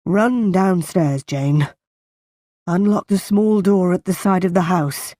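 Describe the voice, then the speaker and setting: A woman reading the part of a brooding gentleman in a storybook, speaking slowly and gravely, lower than her own voice. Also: no room sound, clean studio sound. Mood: urgent. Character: brooding gentleman master of the house.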